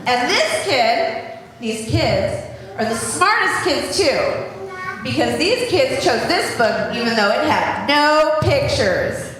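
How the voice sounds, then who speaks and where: A woman's voice: sits high, slow, a crowd in the background. Playful woman reading to children, echoey hall. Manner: animated, silly voices and sing-song. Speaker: leader of the children's story at a church service. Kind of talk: playful read-aloud to children. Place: large church sanctuary. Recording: echoey hall from far off, noisy.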